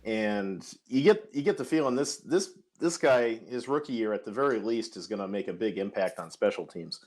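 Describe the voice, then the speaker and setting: A man's voice: lowish voice, lively intonation, moderate pace, darkish tone. A man co-hosting a casual sports podcast, eagerly breaking down new players. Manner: enthusiastic fan analysis. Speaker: podcast co-host.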